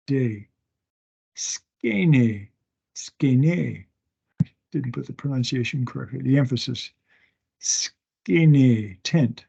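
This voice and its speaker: A male instructor giving a recorded class lecture from home, talking slowly and haltingly, often pausing and restarting, and sounding out words one at a time and repeating them. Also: mid-range voice, vocal fry, dark tone, breathy edge. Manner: slow, halting, with many restarts and fillers. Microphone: online meeting recording. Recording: dull lo-fi meeting audio.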